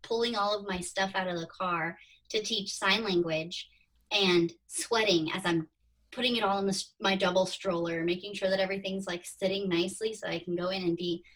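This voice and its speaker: A woman's voice: mid-range voice, steady tone, normal speed, fairly bright tone. A woman in her thirties, a podcast guest, chatting through her story and acting out her own past thoughts. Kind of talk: casual interview storytelling. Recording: distant from the mic.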